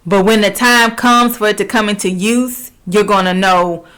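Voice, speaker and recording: A woman's voice: medium pitch, steady tone, moderate pace, a bit bright, clean tone. A woman giving a spiritual lesson to her viewers, repeating her points and often checking in with "okay?". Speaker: spiritual teacher. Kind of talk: instructional talk.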